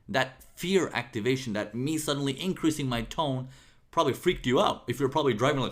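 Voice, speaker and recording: A man giving a motivational talk, energetic, with sudden jumps in volume and frequent "okay?" checks. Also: lowish voice, moderate pace. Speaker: motivational speaker.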